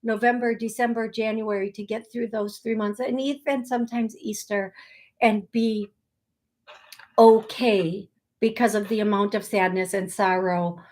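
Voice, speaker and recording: A woman hosting an online psychic medium show, speaking gently and consolingly in rushes with many restarts, over a video call. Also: medium pitch, fairly even intonation. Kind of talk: live online show, relaying messages.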